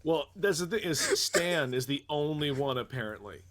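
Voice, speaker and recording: Rambling American man with a lively voice. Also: fairly high pitch, moderate pace. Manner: rambling, swearing, self-interrupting. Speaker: podcast co-host. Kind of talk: casual chat.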